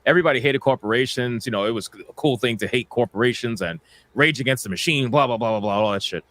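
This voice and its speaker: A man's voice: medium pitch, fairly bright tone, dry recording. A man in casual podcast chat, talking bluntly and with a lot of swearing. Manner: blunt, profane, fast talker.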